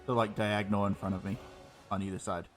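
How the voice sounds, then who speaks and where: A man with a fairly low voice, casually talking through his character's moves at a tabletop game. He speaks relaxed and plain, with faint music behind. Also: quick pace. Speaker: player.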